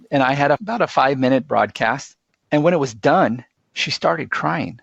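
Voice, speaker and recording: Gravelly guy being interviewed, earnest and chatty, kinda muffled dry audio. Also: medium pitch, expressive, a little fast, fairly bright tone, no echo. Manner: earnest, anecdotal, enthusiastic. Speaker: guest, live streaming expert. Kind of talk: conversational interview storytelling. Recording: dull, dry lo-fi sound.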